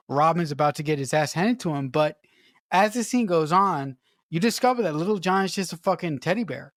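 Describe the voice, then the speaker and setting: A podcast co-host gushes about a film in casual, emphatic chat, swearing freely and restarting sentences. The voice sits at a middle pitch. The recording is dry and close. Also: no room sound. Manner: enthusiastic, emphatic praise with swearing and repeated restarts.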